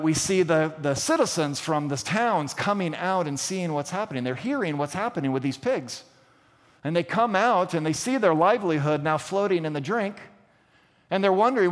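A male pastor delivers a sermon in a fairly high voice, posing questions to his listeners and acting out scenes with emphasis. The sound rings with a long reverb, as in a large hall. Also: expressive, moderate pace. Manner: preaching with dramatic retellings and rhetorical questions.

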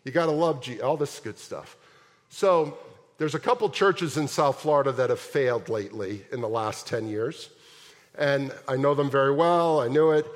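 A man preaching a sermon as pastor, telling the story in a lively way and asking his congregation question after question. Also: a little high. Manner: animated storytelling with rhetorical questions. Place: large church sanctuary. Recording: long hall reverb.

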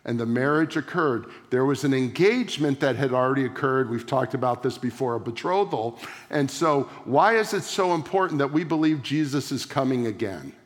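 A middle-aged man preaching a sermon from the front of his church, emphatic and slowing down to stress key words. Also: medium pitch, animated. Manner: emphatic, varying pace for stress. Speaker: pastor. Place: church sanctuary. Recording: long church reverb.

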